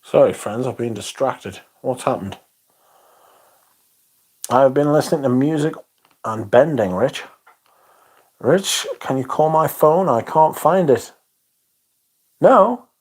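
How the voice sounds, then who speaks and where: A man's voice: medium pitch, expressive, unhurried, pauses often, a little mellow. A man hosting a livestream, chatting casually and rambling through viewer comments with frequent chuckles and the odd swear word. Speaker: livestream host.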